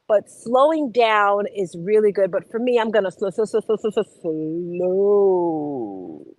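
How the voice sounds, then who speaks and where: A woman's voice: on the high side, poor audio. Bubbly woman hosting a motivational show. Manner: bubbly and exclamatory, rapid-fire. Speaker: host. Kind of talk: casual motivational chat.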